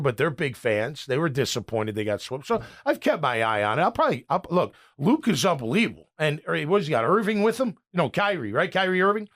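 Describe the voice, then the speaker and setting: A man's voice: medium pitch, fairly bright tone. A middle-aged American man hosting sports talk radio, rambling and opinionated with frequent restarts.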